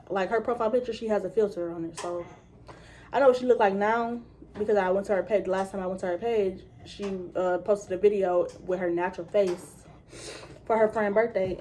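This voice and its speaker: A woman's voice: mid-range voice, a little hiss or hum. A young woman vlogger casually retelling a personal story, swearing freely and acting out what people said. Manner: casual, profane, animated retelling with quoted voices. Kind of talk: storytime vlog.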